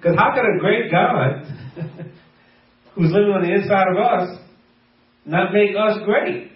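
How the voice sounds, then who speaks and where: Heard distantly in an echoey room with dull audio, a man with a high-pitched voice preaches a little slowly. As pastor, he's playful, laughs a lot, and acts out bits of everyday conversation.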